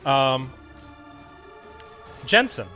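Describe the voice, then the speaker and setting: A man's voice: mid-range voice, big pitch swings, extremely slow, pushed and bright, faint music behind. A man acting as game master, patiently explaining the rules to his players. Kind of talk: running a tabletop game.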